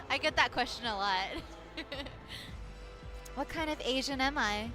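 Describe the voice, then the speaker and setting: A woman's voice: sits high, lively intonation, slow, music in the background. A woman from northern China, a guest on a stream, chatting casually in a giggly, playful way. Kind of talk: casual chat.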